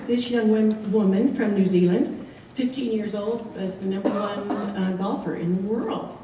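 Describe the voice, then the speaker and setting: Chatty woman presenting slides, warm mellow voice, recorded from afar in a big echoey room. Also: mid-range voice, a little hiss or hum. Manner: chatty, many ums, light laughs. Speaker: returned missionary giving a slideshow talk. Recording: echoey room, distant mic.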